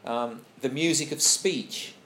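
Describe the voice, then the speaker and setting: Guy running a group chat, musing out loud, reads bits out, echoey room. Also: medium pitch, slow. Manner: reflective, thinks aloud, reads passages out. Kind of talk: casual group discussion. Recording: echoey room, faint background noise.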